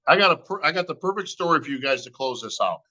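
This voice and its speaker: A man's voice: fairly high pitch, lively intonation, fast talker, pushed and bright, lo-fi sound. A middle-aged man, a bodybuilding emcee, telling a long story on a podcast and acting out both sides of the talk. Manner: acts out both sides of conversations, says "bro" and "right?" constantly.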